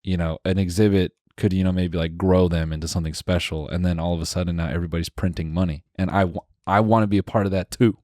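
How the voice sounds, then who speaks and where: A man's voice: deep voice, fairly even intonation, quick pace, hardly any pauses, a little mellow, no echo, studio quality. A young man co-hosting a casual podcast, rambling and hesitant with many fillers as he works through an idea. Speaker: podcast co-host.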